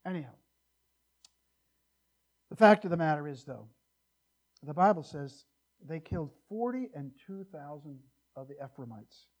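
High-voiced animated male preacher. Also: moderate pace, long pauses, dull audio. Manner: animated, joking asides, varies loudness widely. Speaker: pastor. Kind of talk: expository sermon. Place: church.

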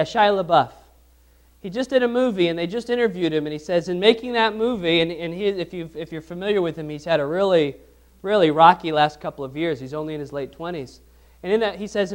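A man preaching a sermon as pastor, asking the congregation questions and repeating phrases for emphasis. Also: a little high.

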